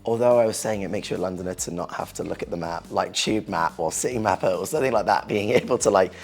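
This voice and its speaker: A man's voice: low-pitched, fast talker, soft background music. An English man in his thirties, talking casually in a chatty, rambling way with light laughs. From England. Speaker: interviewee. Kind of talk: casual chat.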